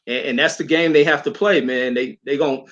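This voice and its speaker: A man's voice: fairly high pitch, steady tone, normal speed, a bit bright. Laid-back man on a muffled line. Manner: laid-back, repeats "man", restarts phrases. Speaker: boxing guest analyst. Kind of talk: casual chat.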